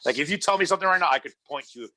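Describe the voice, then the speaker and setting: A man's voice: on the high side, animated, racing, sharp tone. A man from New Jersey, a podcast guest chatting casually and rambling, often repeating himself and swearing offhand. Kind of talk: casual chat.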